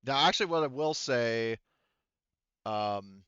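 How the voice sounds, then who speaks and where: Speaking slowly but with lively intonation, this medium-pitched man acts as game master for a tabletop game. His voice is clean and slightly bright with no room sound, and he explains things in a rambling way, often restarting and using fillers, over dull, lo-fi call audio.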